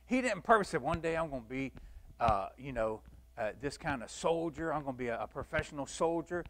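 A man with a drawl leads a church Bible lesson, folksy and animated as he acts out the stories. His voice sits slightly high for a man. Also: a little fast. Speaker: Sunday school teacher.

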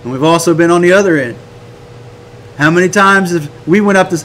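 An American man teaching a Bible study on prayer, animated and emphatic, full of rhetorical questions. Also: sits high, fairly quick, a little hiss or hum. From United States.

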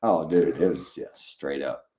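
A man's voice: a bass voice, a little slow. A man co-hosting a casual chat show, telling stories and acting out the people in them. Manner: animated storyteller, acts out dialogue. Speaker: show co-host.

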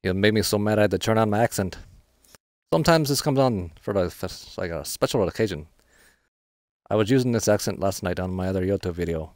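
A man's voice: fairly low pitch, animated, fairly quick, a little mellow, dry recording, clean studio sound. A man streaming a shooter game, giving frustrated live commentary with trash talk and swearing. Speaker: gaming streamer.

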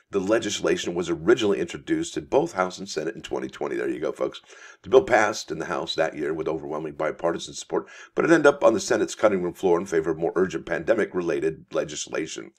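A man's voice: sits low, husky. A male coin channel host giving casual news commentary, reading articles aloud in a chatty, folksy way and calling his viewers folks. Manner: reads articles aloud with asides.

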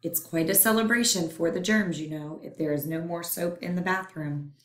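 A woman reading a children's picture book aloud in a playful, expressive way. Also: fairly low pitch, normal speed. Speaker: storyteller. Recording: roomy echo.

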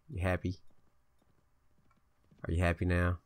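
A man casually commentating his own strategy game play, chatty and indecisive, bossing his troops around out loud. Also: low-pitched, a little slow, pauses often. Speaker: gameplay video host.

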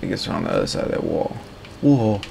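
Gravelly low-voiced man streaming. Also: wildly swooping pitch, quick pace, background noise. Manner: rambling, loose and chatty. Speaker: gaming streamer. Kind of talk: casual gameplay commentary.

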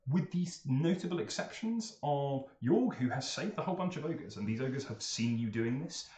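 A man narrating as game master of a tabletop game, in a lively, animated way. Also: mid-range voice, moderate pace. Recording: roomy echo.

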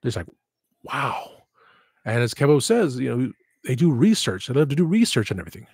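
A man's voice: medium pitch, big pitch swings, fairly quick, darkish tone, slightly rough, dry recording, studio quality. A man hosting his own livestream podcast, talking frankly in a loose, rambling way and swearing freely. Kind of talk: casual rambling livestream chat.

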